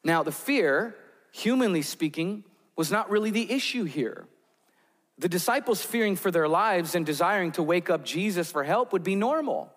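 A man's voice: high voice, expressive, normal speed, fairly bright tone, in a large hall. A man preaching a sermon, telling vivid stories that build tension. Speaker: pastor.

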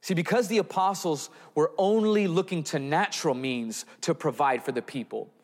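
Expressive male preacher in a reverberant hall. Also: on the high side, moderate pace. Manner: expressive, acts out the apostles in a raised voice. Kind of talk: sermon.

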